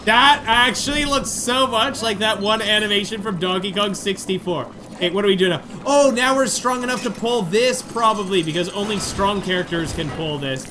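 A man giving chatty, excitable commentary over his own video game playthrough. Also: high voice, moderate pace, hardly any pauses, noisy background. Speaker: gamer doing a playthrough. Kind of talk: casual let's-play commentary. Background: game music.

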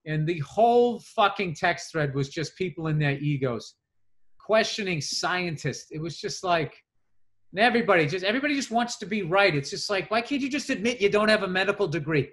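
A middle-aged man with a high, bright voice, talking in loose podcast chat. He rants with frequent swearing and an exasperated edge. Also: lively intonation, brisk. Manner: profane, ranting, exasperated. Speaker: podcast co-host. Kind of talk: casual chat.

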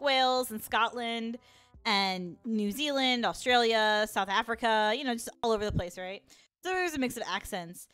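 A woman's voice: medium pitch, a bit bright, no echo. A young woman with a Chicago accent, casually chatting on a live stream, laughing often and reacting to chat. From Chicago, USA.

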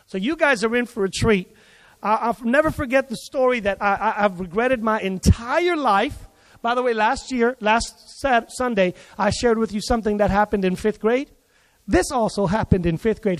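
A man preaching a sermon at a church service, telling a childhood story in an animated way and acting out the other people in it. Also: very high-pitched. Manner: animated, acts out quoted voices. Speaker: pastor. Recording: long hall reverb.

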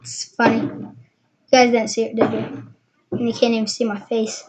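A woman's voice: on the high side, monotone, moderate pace, a little mellow. A woman casually demonstrating magic tricks in a rambling, hesitant way. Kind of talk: casual how-to tutorial. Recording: dull lo-fi with faint noise.

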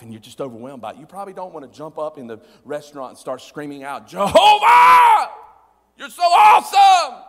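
A man gives a sermon as pastor in a husky, mid-range voice, prompting the congregation to respond. He moves between loud bursts and quiet, near-whispered asides, and a long hall reverb surrounds the sound.

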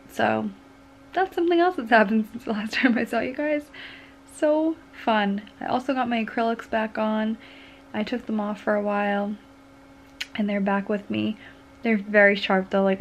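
A woman's voice: on the high side, slight background noise. A woman in her twenties chatting casually to her own camera as a vlogger, rambling with plenty of "like" and "um". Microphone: handheld compact camera.

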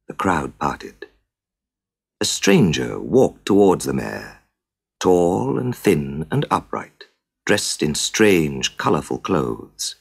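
A man narrating a classic children's story with dramatic, deliberate storytelling. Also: a bass voice, big pitch swings, vocal fry, husky.

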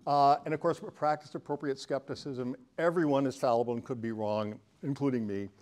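A man's voice: mid-range voice, steady tone, a little fast, darkish tone. An older man giving a casual presentation to a live audience, chatty and joking, bantering with the crowd. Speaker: talk presenter.

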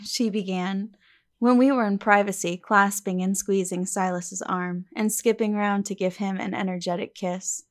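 A woman narrating a classic novel as an audiobook, in measured, even storytelling. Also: mid-range voice. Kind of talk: scripted narration.

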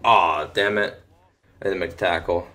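A teenage boy casually commenting on a football video game from home, chatty, easily excited and often muttering to himself. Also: low voice, moderate pace. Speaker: gaming commentator. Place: home room.

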